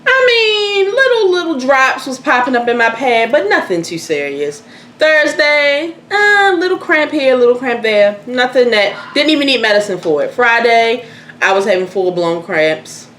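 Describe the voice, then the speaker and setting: A young woman telling a personal story in casual chat, candid and animated, swearing freely. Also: fairly high pitch, moderate pace. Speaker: host. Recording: echoey room, faint noise.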